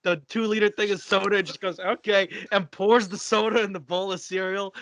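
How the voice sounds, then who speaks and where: A man's voice: sits high, fairly even intonation, brisk, a bit bright, dry recording. A young man co-hosting a podcast in casual chat, teasing his friends and laughing a lot. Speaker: podcast co-host.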